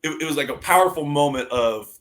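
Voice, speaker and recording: A man in his thirties, a former college football player, telling loose, profane, animated stories in a casual interview and laughing along. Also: on the high side, quick pace.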